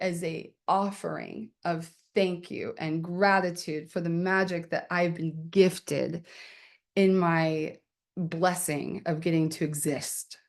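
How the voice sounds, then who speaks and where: A woman's voice: fairly low pitch, darkish tone. A woman poet hosting her book launch on a video call, talking casually and candidly with lots of fillers and laughter. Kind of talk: casual chat.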